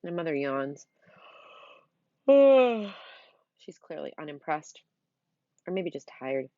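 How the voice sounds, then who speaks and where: A woman's voice: deep voice, steady tone, moderate pace, a little mellow, no echo, highs cut off. A middle-aged woman reading a children's novel aloud, with chatty, punny asides to her listeners. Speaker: storybook reader.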